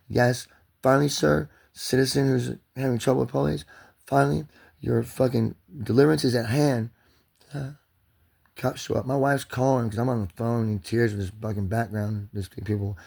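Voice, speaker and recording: A man's voice: medium pitch, steady tone, brisk, creaky, a little mellow. A man venting angrily in a rambling, profane monologue to his channel. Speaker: vlogger.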